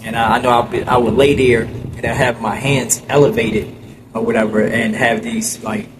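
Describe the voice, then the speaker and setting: A man from New Jersey telling a story from his childhood in a halting, casual way, full of fillers and "you know what I'm saying.". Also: mid-range voice, fairly even intonation. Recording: loud vehicle noise behind.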